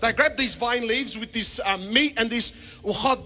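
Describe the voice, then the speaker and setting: A man giving a humorous religious talk to an audience, animated and full of rhetorical questions, with Arabic phrases mixed in. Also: very high voice, moderate pace, some chatter behind. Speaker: panel speaker.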